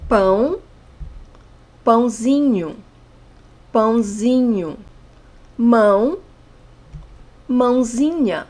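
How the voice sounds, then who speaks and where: A woman's voice: fairly high pitch, expressive, slow pace, long pauses, darkish tone. A young Brazilian woman with a Brazilian accent teaching an online language lesson, patiently repeating example words.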